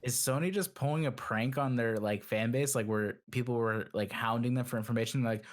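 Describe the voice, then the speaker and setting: A man's voice: mid-range voice, fairly quick, hardly any pauses. A young man co-hosting a gaming podcast in casual chat, rambling with lots of "like" and mocking impressions. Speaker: podcast co-host.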